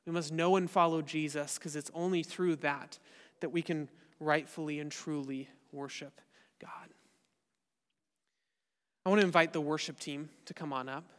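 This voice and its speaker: A pastor preaching a sermon to his church, earnest and often dropping softly at the end of a point. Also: on the high side, fairly even intonation, normal speed, long reverb tail. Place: church sanctuary.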